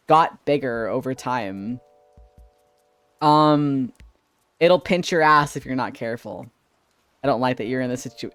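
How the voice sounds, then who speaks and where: A man's voice: on the high side, no echo. A man streaming as a VTuber, chatting casually with his viewers. He jokes sarcastically, laughs often and fills his talk with "like" and "um". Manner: many fillers like "like" and "um". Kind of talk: casual live-stream chat.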